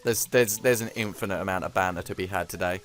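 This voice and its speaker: A man's voice: low-pitched, fast, fairly bright tone, soft background music. A man chatting casually during a game session, rambling, swearing freely and laughing often. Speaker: gamer co-host. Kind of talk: casual chat while gaming.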